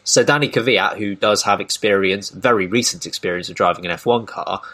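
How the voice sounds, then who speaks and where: A man's voice: fairly low pitch, brisk, bright, forceful tone. A man hosting a casual podcast discussion, thoughtful and given to restarts. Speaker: podcast host.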